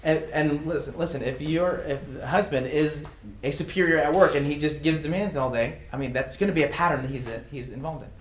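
A man's voice: fairly high pitch, a little fast, hardly any pauses. A man teaching a casual class, reading example phrases aloud and chuckling often. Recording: echoey room with faint noise.

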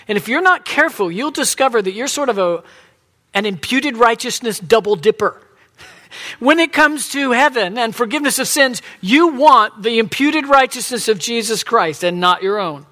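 A preacher delivering a confessional sermon, swinging between loud emphatic points and soft, near-whispered asides. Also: mid-range voice, animated, moderate pace.

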